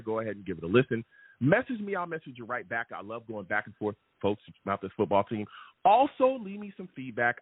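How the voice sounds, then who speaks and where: A man hosting a live sports fan show, chatty and animated, who keeps checking in with his listeners. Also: mid-range voice, breathy edge, no echo. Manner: animated and chatty, repeats "okay?" and "all right?" often. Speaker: sports podcast host. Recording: tinny phone-like sound.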